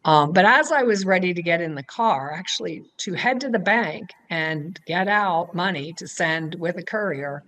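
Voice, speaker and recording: A woman's voice: fairly low pitch, lively intonation, normal speed, hardly any pauses, a bit bright. A woman giving recorded testimony about being targeted by a scam, in a plain, reflective manner.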